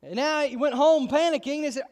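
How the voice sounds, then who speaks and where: A pastor preaching a sermon with emphatic, insistent delivery and frequent repeated restarts. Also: male voice, extremely high pitch, fast, a little mellow.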